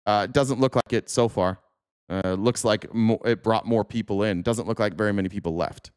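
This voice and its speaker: A man's voice: on the low side, normal speed, smooth, no room sound. Guy ranting on his livestream, sarcastic and swearing a lot, dry close mic sound. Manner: animated, sarcastic, profane. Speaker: livestream political commentator. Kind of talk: casual livestream commentary reacting to clips.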